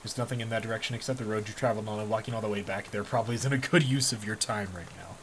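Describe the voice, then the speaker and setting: A man's voice: on the low side, steady tone, racing, fairly bright tone, a little hiss or hum. A man reading a comedy role-playing game aloud as host, rambling and poking fun at his own reading. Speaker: let's play host.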